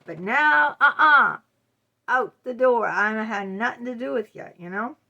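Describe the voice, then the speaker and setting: A middle-aged woman gives advice in a casual monologue to camera. Her voice sits a little high and rings bright and sharp. She hammers each point home bluntly and emphatically. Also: unhurried, vocal fry, muffled recording. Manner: emphatic and blunt, talking straight to the viewer. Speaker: vlogger.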